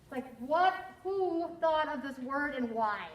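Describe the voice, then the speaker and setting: A woman's voice: sits high, expressive, a little slow. A woman teacher reading a picture book aloud to her class, playful and encouraging, savoring fun words. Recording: roomy classroom echo.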